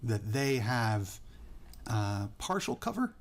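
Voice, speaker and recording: A man running a tabletop game as dungeon master, narrating outcomes in a measured, descriptive way. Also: on the low side, big pitch swings, a little hiss or hum.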